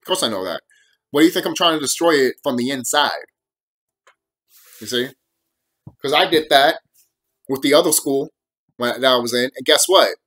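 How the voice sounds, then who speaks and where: A man's voice: medium pitch, lively intonation, moderate pace, long pauses, a bit bright. A young man ranting to camera on his video channel, heated and full of profanity and repeated phrases. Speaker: vlogger.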